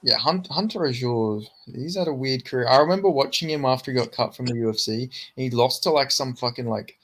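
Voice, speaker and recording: A man's voice: medium pitch, brisk, fairly bright tone. A man co-hosting a podcast, chatting casually about fights, with stammered restarts and plenty of swearing. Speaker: podcast co-host.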